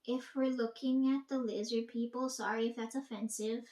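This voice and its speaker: A woman's voice: fairly high pitch, fairly even intonation, normal speed, a little mellow, roomy sound, a little hiss or hum. A young woman rambling to her audience in a casual monologue, swearing often and talking emphatically.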